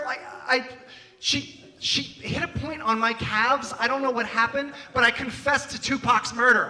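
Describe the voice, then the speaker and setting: A young man doing a stand-up comedy set, animated and acting out scenes in put-on voices on a club stage. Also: very high-pitched, unhurried.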